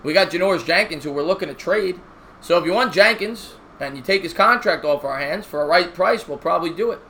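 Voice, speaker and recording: Calling a baseball game live on stream, a man in his 30s mixes play-by-play with chat shoutouts, joking around and reading viewers' comments out loud. He sounds high-pitched, brisk, pushed and bright, with slight background noise.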